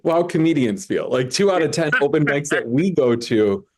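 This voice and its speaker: A man's voice: fairly high pitch, expressive, a little mellow. Rambling male comedy host. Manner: rambling, stammering restarts, quick asides. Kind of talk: casual live-stream banter. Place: video call from home. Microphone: video call mic.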